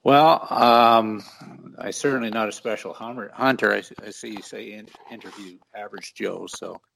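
A middle-aged man from Southern Ontario, a farmer guest answering interview questions in a modest, halting way with many fillers. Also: lowish voice, steady tone, gravelly, a bit bright, rough recording. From Southern Ontario, Canada.

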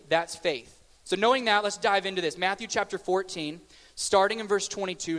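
A man preaching a sermon in a conversational, joking way, slowing down for emphatic questions. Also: high-pitched, fairly bright tone, in a large hall.

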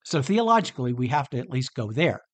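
A man hosting a podcast who reads a Bible passage and then talks it through in a chatty, animated way, often restarting his sentences. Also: medium pitch, quick pace. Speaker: podcast host. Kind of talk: conversational Bible talk.

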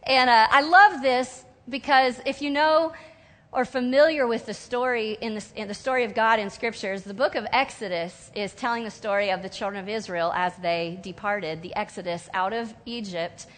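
A woman preaching a sermon in an animated way, acting out whiny voices and sobs now and then. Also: fairly high pitch, normal speed. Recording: long hall reverb.

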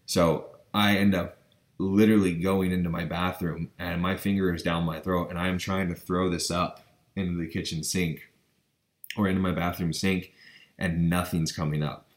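Deep-voiced man telling a story earnestly. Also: flat delivery, moderate pace. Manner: earnest, breathless retelling with many restarts and stammers; keeps saying literally. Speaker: vlogger. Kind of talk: personal storytelling.

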